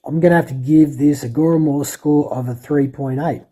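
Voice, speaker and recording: A man's voice: fairly high pitch, steady tone, normal speed, warm tone, rough recording. A man rambling through a casual, profane film review as a podcast co-host. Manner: rambling, sweary, enthusiastic.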